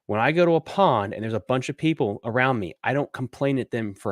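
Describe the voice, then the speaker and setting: A man's voice: medium pitch, animated, brisk, no echo, clean studio sound. A man hosting a live fishing podcast, ranting bluntly and swearing casually as he answers listener questions. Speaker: podcast host. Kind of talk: casual live-stream rant and Q&A.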